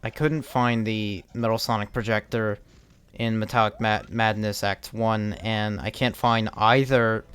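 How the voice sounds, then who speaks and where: A man's voice: lowish voice, fairly even intonation, a little slow, fairly bright tone, clear, resonant tone, faint music behind. A young man chatting casually as he streams a game, rambling and restarting his sentences, with the odd curse thrown in. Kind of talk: casual live-stream commentary while playing.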